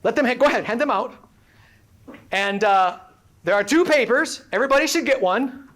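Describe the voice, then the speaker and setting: Energetic woman workshop presenter with a high voice, playful, quizzes the crowd. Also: normal speed. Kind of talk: interactive workshop talk to a live audience. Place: live event before an audience.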